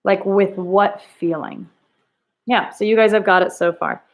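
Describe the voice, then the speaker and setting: A woman's voice: medium pitch, steady tone, measured pace. A woman teacher leading a reading lesson, thinking aloud and coaxing students with questions. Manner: thinks aloud, rereads lines in different tones.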